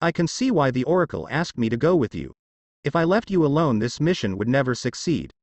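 A man's voice: mid-range voice, sing-song, brisk, no echo. A man reading the lines of a stern young male demigod guardian who speaks curtly and commands. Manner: curt, commanding.

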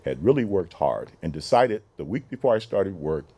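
Animated man telling a story. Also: sits low, normal speed, breathy edge. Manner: animated retelling, acts out quoted dialogue. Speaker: interview guest, former mayoral policy advisor. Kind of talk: conversational interview storytelling.

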